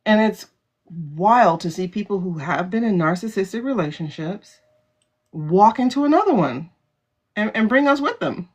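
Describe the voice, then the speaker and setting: On a phone livestream, a woman hosts a casual stream, her voice medium in pitch and expressive at a moderate pace. She talks bluntly and animatedly, laughing often and swearing freely.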